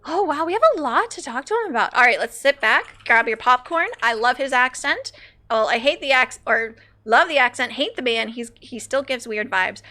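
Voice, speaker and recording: A woman's voice: fairly high pitch, animated, moderate pace, bright, forceful tone. A woman streamer chatting casually and giggling while reacting to a game. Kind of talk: casual gameplay commentary.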